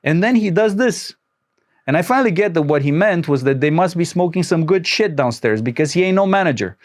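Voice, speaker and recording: A man hosting a relaxed podcast conversation. He tells his story animatedly, jumping up in pitch as he acts out the voices he quotes and laughing between lines. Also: a little fast. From Romania. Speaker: podcast host. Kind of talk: casual storytelling chat.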